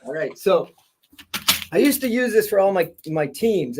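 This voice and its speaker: A middle-aged high school principal appears as a guest on a video-call podcast, telling stories casually with lots of energy and laughter. His fairly high voice has a darkish tone and an animated, normal-speed delivery, with a little hiss or hum in the recording.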